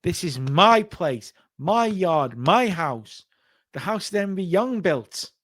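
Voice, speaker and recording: A cocky champion wrestler, put on by a man, hammers out each boast slowly and loudly. Every phrase is stressed like a wrestling promo. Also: sits high, very animated, exaggerated voice. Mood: boastful. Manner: loud, slow, emphatic declarations. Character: arrogant male champion wrestler cutting a promo.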